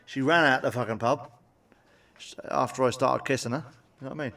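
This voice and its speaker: A man rattles off sweary stand-up gags in a blunt, cheeky manner. His voice sits in a middle pitch and comes across a little distant from the microphone. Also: fairly even intonation, a little fast, vocal fry, pushed and bright, soft background music. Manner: blunt, sweary, cheeky jokes with tag questions. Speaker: stand-up comedian. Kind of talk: stand-up joke monologue.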